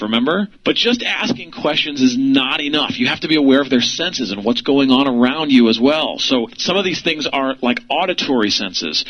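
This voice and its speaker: A man's voice: mid-range voice, highs cut off. A man teaching an instructional lesson for real estate investors, asking rhetorical questions and laughing lightly.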